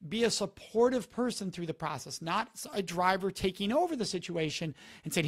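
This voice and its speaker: A man's voice: high-pitched, expressive, fairly quick. A man on a live stream giving earnest, instructive advice and repeating the key words for emphasis. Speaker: speaker on preventing sexual assault, talking to a live audience.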